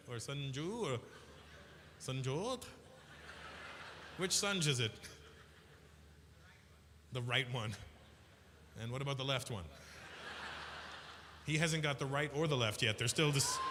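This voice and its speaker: A stand-up comedian in his fifties teasing audience members with quick banter. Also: mid-range voice, background noise. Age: 50s. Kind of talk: stand-up crowd work. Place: live comedy venue with audience. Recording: reverberant hall, faint crowd ambience.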